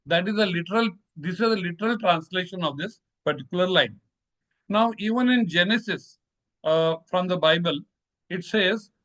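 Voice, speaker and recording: A man presenting a measured, explanatory lecture on scripture, reciting verses slowly. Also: sits high, a bit bright, low-quality recording.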